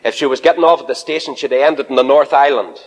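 A man preaching an evangelistic sermon full of personal anecdotes, swinging between loud, high exclamations and low, quiet asides. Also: fast talker, slightly rough. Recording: long hall reverb.

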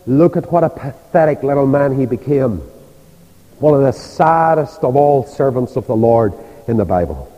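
Animated Northern Irish preacher, older man. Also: medium pitch, moderate pace. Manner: animated storytelling, acting out voices. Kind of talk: sermon. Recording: dull reverberant church hall.

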